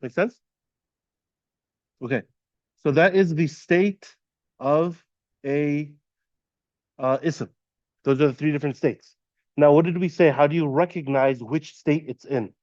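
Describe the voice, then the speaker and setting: Slow, patient man teaching a class. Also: a little high, a little mellow, no room sound, muffled recording. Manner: patient, quizzes students and repeats terms slowly. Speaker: Arabic teacher. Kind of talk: classroom lesson. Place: classroom at an Islamic center.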